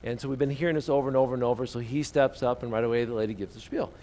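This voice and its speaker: A man preaching a sermon in a relaxed, conversational storytelling way, often asking his listeners questions. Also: medium pitch, very fast, a little hiss or hum.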